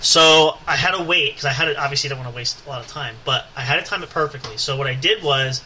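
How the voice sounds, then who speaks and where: Bright-voiced man rambling through a story. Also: medium pitch, quick pace, a little hiss or hum, low-quality recording. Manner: rambling, lots of fillers and asides. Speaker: podcast host. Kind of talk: casual storytelling.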